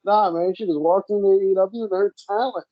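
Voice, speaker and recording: A man's voice: high voice, steady tone, a little fast. A man in casual chat, talking in emphatic slang and repeating "man". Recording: dry dull lo-fi audio.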